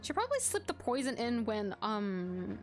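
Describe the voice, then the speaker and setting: A woman's voice: a little high, wildly swooping pitch, normal speed, soft background music. A woman casually commenting while playing a game, thinking aloud in a chatty way. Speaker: game streamer. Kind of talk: casual let's-play commentary.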